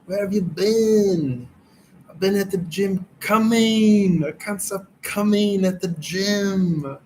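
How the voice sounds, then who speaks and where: A man doing a loud boastful action-hero strongman. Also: high-pitched, a little hiss or hum, voice pushed up, rough recording. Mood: boisterous. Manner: comic celebrity impression, drawn-out shouted lines.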